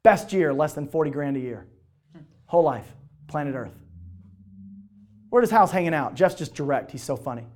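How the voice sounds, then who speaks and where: High-voiced man giving a motivational talk. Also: moderate pace, long pauses, a little hiss or hum. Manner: animated storytelling, asks audience questions. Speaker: speaker at a business team event. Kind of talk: motivational talk to a live audience.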